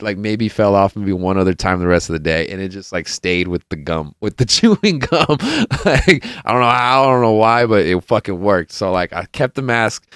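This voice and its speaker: A man's voice: lowish voice, fairly bright tone, smooth, no room sound, studio quality. A young man hosting a podcast, telling a rambling party story in casual chat, swearing freely, laughing often and acting out what people said. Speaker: podcast host.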